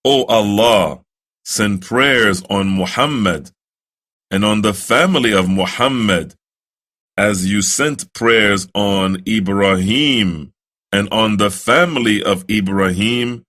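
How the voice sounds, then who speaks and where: A man with a fairly low voice gives a calm lesson for newcomers on how to pray. He speaks very slowly and with care. He repeats each phrase so the listener can practice it. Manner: slow and deliberate, repeating phrases for the listener to copy; recites prayer phrases in drawn-out chant. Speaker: religious teacher for new converts. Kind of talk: slow instructional lesson on prayer.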